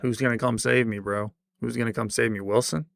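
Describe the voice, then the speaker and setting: A man streaming and chatting casually, rambling with restarts and trailing off into quiet mumbles. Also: mid-range voice, steady tone, fairly quick, vocal fry, no echo, studio quality. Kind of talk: casual livestream chat.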